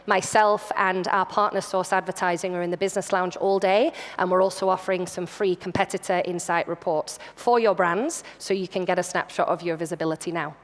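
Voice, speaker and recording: A woman giving a conference keynote, conversational with some restarts. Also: medium pitch. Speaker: conference speaker. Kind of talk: keynote presentation. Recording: hall reverb.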